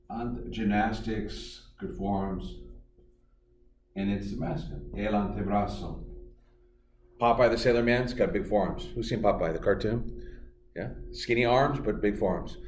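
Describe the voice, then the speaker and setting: A man teaching a beginner Spanish lesson remotely, playful and jokey, repeating words slowly for his students. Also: on the low side, slight background noise. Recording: echoey room, from far off, faint music.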